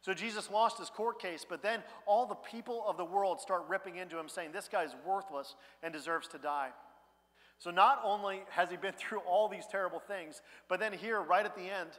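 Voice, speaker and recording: A male pastor preaching a sermon in a conversational way, dropping quiet and then rising loud. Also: high voice, steady tone, brisk, hardly any pauses. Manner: conversational preaching, swings between hushed and loud. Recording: church hall reverb.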